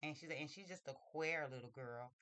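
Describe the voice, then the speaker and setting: A woman's voice: low voice, moderate pace, a bit bright, no echo. A woman reviewing a book, casually retelling its story in a rambling way with lots of fillers. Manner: rambling, many fillers and restarts.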